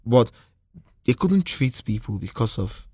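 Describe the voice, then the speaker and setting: A man's voice: mid-range voice, big pitch swings, a little slow, darkish tone, husky, no room sound, clean studio sound. A Nigerian man co-hosting a casual talk show, emphatic and repeating himself when heated. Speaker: podcast co-host. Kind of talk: casual chat.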